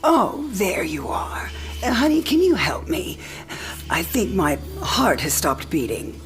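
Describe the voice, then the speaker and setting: An actress playing an elderly mother on her last night alive, wry, teasing and frank, often speaking softly in a game cinematic. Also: on the low side, sing-song, takes it slowly, faint music behind. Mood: confused. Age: older. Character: dying elderly mother, warm, sharp-witted, frank. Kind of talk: video game cinematic drama.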